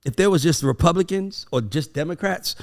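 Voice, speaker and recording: A man in casual podcast conversation with a gravelly, fry-tinged voice. He tells stories with swearing and emphasis. When he quotes the kids, he slips into their voices. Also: on the high side, brisk. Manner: animated storytelling, acting out his kids' voices; profane, emphatic. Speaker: podcast host. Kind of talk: casual chat.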